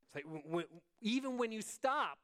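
A man gives a sermon in an easygoing, conversational manner, often pausing to check in with the congregation. His voice sits a little high for a man and sounds smooth and clear. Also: expressive, fairly bright tone. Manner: conversational, asks the congregation "right?". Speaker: pastor.

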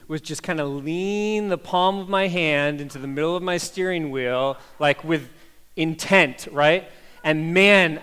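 Male pastor, Midwest-raised, slightly high voice, chatty and animated in the pulpit. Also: smooth. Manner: animated storytelling, frequent "like" and "right?". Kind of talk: conversational sermon.

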